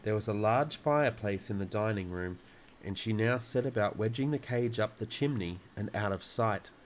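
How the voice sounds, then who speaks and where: A man with a fairly low voice reads a children's book aloud, calm and unhurried. A faint hiss sits under his steady narration. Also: poor audio. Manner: calm, relaxing delivery. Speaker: storyteller.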